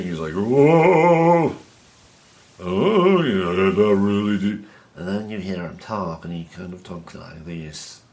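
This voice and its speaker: A man's voice: sits low, a bit bright. A man hosting a podcast, casually reading through dates and birthdays, rambling and humming to himself between items. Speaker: podcast host.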